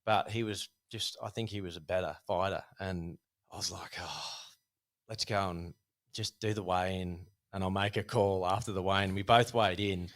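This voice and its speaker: A man, a guest telling a casual, animated story about his boxing past with many fillers. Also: deep voice, moderate pace. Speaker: podcast guest, former Thai boxer.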